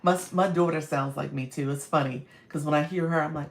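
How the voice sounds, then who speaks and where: A woman with a raspy, gravelly voice that sits somewhat low, and it sounds a little strained today. She chats casually and warmly with viewers on a live stream, full of encouragement. The sound is roomy and echoey. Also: fairly even intonation, fairly quick, a little hiss or hum. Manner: warm, encouraging, greets viewers often. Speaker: live-stream host and coach. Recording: echoey room.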